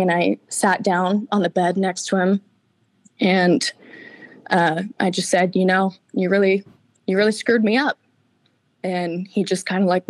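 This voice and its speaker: A woman's voice: fairly low pitch, no echo. Candid woman telling a painful story. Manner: candid, tearful at times, faith-driven. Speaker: guest. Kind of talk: emotional personal account.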